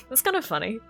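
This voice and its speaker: A woman streamer in casual live-stream chat, playful and self-mocking, lower in energy than usual. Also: vocal fry, bright, forceful tone.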